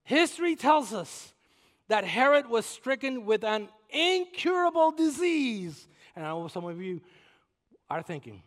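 A man preaching a sermon as a guest pastor, swinging from shouted emphasis to hushed, near-whispered passages. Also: extremely high pitch, very animated, unhurried. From Puerto Rico. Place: church sanctuary. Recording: long reverb of a large church hall.

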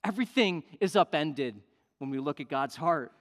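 A male pastor preaching a sermon, emphatic, swinging between loud declarations and hushed asides. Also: on the high side, lively intonation, moderate pace. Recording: long reverb of a large hall.

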